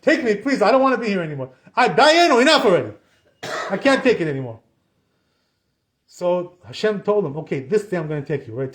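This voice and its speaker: Rabbi, man, high-pitched; lively storyteller who acts out the dialogue. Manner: animated retelling, acts out dialogue, frequent "you know". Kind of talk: storytelling Torah class.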